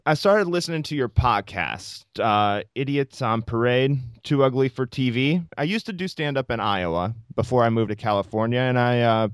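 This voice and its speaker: Podcast host, male, smooth voice, chatty jokey delivery, dry close mic. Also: medium pitch, normal speed, hardly any pauses, no room sound. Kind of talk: casual podcast interview.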